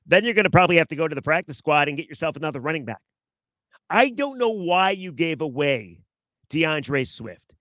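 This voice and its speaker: A man hosts a sports talk show in a sarcastic monologue, mocking himself and speaking right to his listeners. His voice sits a little high for a man. The sound is dry and close, with little room around it. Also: sing-song, fairly quick, a bit bright, no room sound. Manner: sarcastic, self-mocking, talks straight to listeners. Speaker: sports radio host. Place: outdoors in his backyard.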